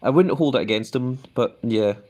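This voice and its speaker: Chatty male streamer reading viewer comments. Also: normal speed. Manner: chatty, reads out viewer comments with lively jumps in pitch; hedging with many fillers. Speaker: live stream host. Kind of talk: casual live-stream chat.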